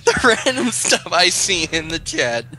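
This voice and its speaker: A man's voice: sits high, sing-song, a little slow, bright, forceful tone, rough recording. Man tossing off dry jokes. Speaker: co-host friend. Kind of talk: casual gameplay commentary.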